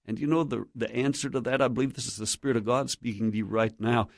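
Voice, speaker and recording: A man delivers sermon-style teaching as a radio guest, urging his listeners on with earnest conviction. His voice carries a steady gravelly texture. It sits close and dry against the microphone, with no room sound around it. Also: mid-range voice, fast, no echo. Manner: earnest, exhorting, preacherly. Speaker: guest speaker on Christian radio.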